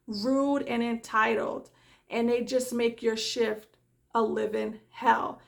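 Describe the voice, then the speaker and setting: Exasperated nurse, high creaky woman's voice. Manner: exasperated and emphatic. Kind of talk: casual vlog commentary.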